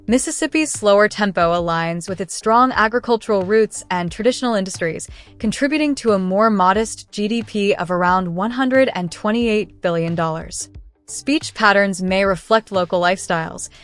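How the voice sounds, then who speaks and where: A woman giving scripted documentary-style narration for a fact countdown, in a smooth, evenly paced read with no fillers. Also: medium pitch.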